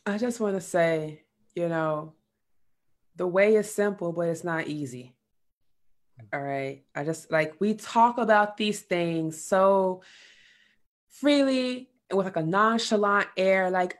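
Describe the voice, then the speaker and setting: A woman's voice: fairly low pitch, slow. A woman guest on a podcast, talking earnestly about faith and personal work, with casual slang. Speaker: podcast guest, sexual health coach. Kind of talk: casual spiritual chat.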